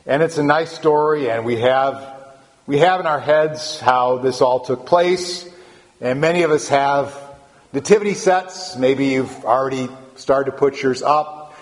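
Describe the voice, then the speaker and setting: Male pastor, mid-pitched, easygoing sermon delivery with restarts, recorded slightly off-mic in a reverberant sanctuary. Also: measured pace. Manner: conversational, with frequent restarts and rising emphasis. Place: church sanctuary.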